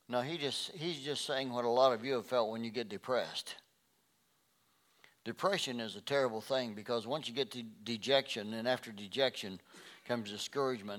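A male pastor preaching a sermon, swinging from loud emphatic rises to quiet low passages and often repeating words as he restarts phrases.

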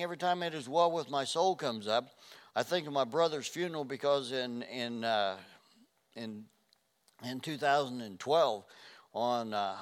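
An older man preaching a sermon, earnest, dropping to a hush and then rising loud. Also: mid-range voice. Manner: earnest, swings from hushed to loud. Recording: reverberant hall.

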